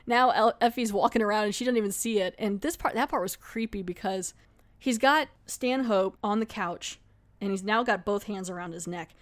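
A woman podcast host giving a casual, chatty recap of a TV episode, laughing now and then and slipping into quick acted asides. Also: medium pitch.

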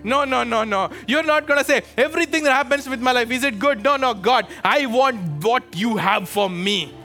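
A man with a high, bright voice preaches a fervent sermon, calling out to his congregation and pressing them to answer. Soft music runs underneath his voice. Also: normal speed. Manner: fervent, exhorting, calls out to the congregation. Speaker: pastor. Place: church with a live congregation.

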